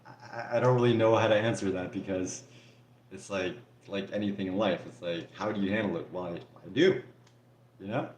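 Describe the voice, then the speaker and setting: A man hosting a live stream, answering viewer comments in a relaxed, candid way with frequent restarts. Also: on the low side, a little fast, a little hiss or hum. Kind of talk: casual live Q&A chat. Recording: roomy echo.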